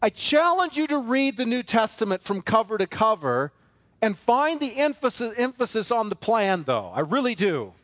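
A man's voice: sits high, big pitch swings, moderate pace, fairly bright tone, no echo. A man preaching a sermon as pastor, emphatic and repetitive, with many rhetorical questions.

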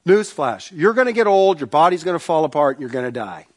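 A man preaching a sermon, telling a personal story with animated bursts, quiet asides and rhetorical questions to the congregation. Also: fairly high pitch, quick pace. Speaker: pastor.

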